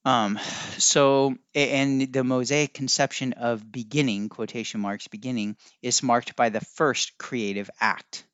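A man's voice: mid-range voice, fairly even intonation, unhurried, hardly any pauses, a bit bright, clean tone, dry recording. A man hosting a solo podcast, talking in a musing, teacherly way that keeps correcting itself. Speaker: podcast host. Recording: dry, dull lo-fi sound.

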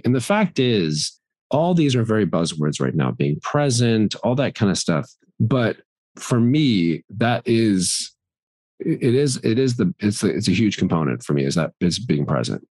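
Man, middle-aged, podcast guest, low voice, very lively pitch, laughs often, dry close sound. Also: dry recording. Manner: animated, laughs often, acts out quoted voices. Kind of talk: candid podcast conversation.

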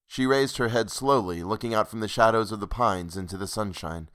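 Casting: male storyteller, measured pace, reading a period ghost tale aloud. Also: fairly low pitch, a bit bright. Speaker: narrator. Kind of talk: scripted storybook narration.

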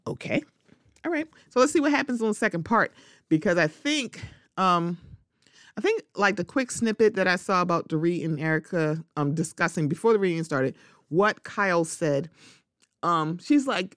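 A woman's voice: fairly low pitch, lively intonation, moderate pace, dry recording, clean studio sound. A woman hosting a solo podcast, giving opinionated, sassy commentary and talking back to absent people in mock quotes. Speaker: podcast host.

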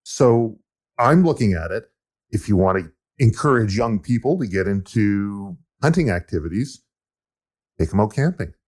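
A man from Canada talks on a podcast, laying out his points in a steady, explanatory way. His voice sits somewhat low. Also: normal speed. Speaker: podcast co-host. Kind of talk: casual conversation.

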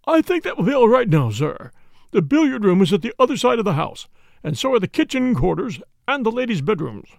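A man's voice: high voice, big pitch swings, fairly quick, creaky, no echo, clean studio sound, pitched above the performer's own voice, full character voice. A man voicing an anxious, deferential butler who speaks formally and politely in an audiobook reading.

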